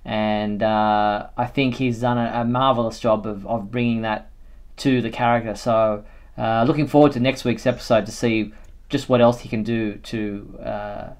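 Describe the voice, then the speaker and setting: A man's voice: on the low side, fairly even intonation, moderate pace. A man hosting a live fan show, chatting casually and thinking aloud with plenty of fillers. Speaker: host.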